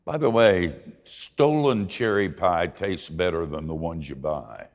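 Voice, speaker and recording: An older man preaching a sermon, telling folksy, self-deprecating stories in an expressive way. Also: low voice, a little slow, long reverb tail. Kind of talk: sermon with storytelling.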